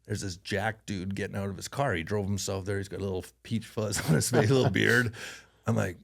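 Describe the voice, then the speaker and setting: His lowish voice is creaky and brisk as this Canadian ex-hockey player shares stories in an informal interview. Animated throughout, he laughs frequently and acts out characters' voices.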